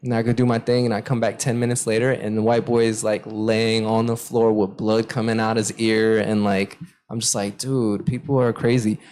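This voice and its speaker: The speaker is a young male podcast co-host with a lower voice and normal speed. In a casual chat he tells stories animatedly, loudly acting out the things people said.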